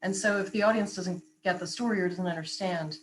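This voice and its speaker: A woman's voice: lowish voice, brisk, low-quality recording. Articulate woman vocal coach explaining. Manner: articulate, explanatory, laughs easily. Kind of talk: conversational interview answers.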